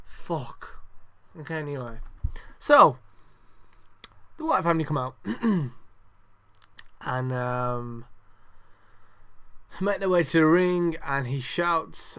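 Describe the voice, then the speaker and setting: Young man, podcast host, casual, sweary, ranting, slightly high voice. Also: lively intonation, unhurried, long pauses, a bit bright. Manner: sweary, ranting, heavy on fillers. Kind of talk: casual wrestling review podcast.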